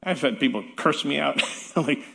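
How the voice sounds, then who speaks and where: A middle-aged man delivers a sermon from a church sanctuary, his tone conversational and quick to poke fun at himself. His voice sits in a middle range, and a long reverb trails each phrase around the hall. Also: medium pitch, gravelly, a bit bright. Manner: conversational, self-deprecating humor with light laughs. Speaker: pastor.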